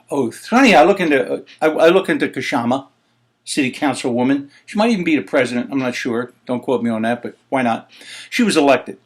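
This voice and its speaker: Mid-range and expressive with a breathy edge, his voice moves at a moderate pace. He's the host of his own opinion show, delivering heated commentary full of indignant, exasperated swearing and rhetorical questions.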